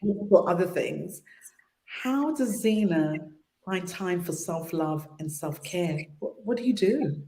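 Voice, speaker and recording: A woman's voice: fairly low pitch, animated, slow, dark tone. Chatty woman in a roomy space. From London. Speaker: host. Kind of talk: casual interview chat.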